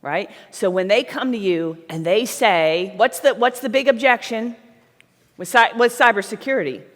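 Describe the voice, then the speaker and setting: A woman's voice: on the high side, normal speed. Blunt woman speaker in a reverberant hall. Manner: blunt, emphatic, talks to the audience with frequent "right?". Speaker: sales trainer speaking at a conference. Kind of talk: live seminar talk. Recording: long reverb of a large hall.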